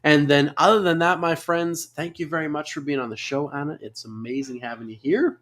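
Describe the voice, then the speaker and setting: A man with a fairly high voice hosts a live interview show. He is upbeat and effusive, piling on praise and sign-off phrases. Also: steady tone, brisk, fairly bright tone, slight background noise. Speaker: host.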